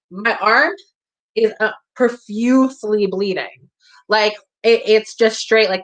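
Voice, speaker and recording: A young woman telling a personal story at a community hall, emphatic and profane, acting out her own shouted lines. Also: medium pitch.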